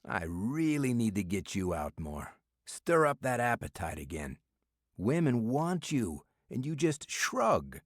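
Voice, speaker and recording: A man's voice: medium pitch, big pitch swings, takes it slowly, no echo, studio quality, pitched above the performer's own voice. A man voicing a brash male friend who teases and pushes in banter, in an audiobook. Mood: ribbing. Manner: pushy, ribbing banter. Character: brash, teasing male friend and city official.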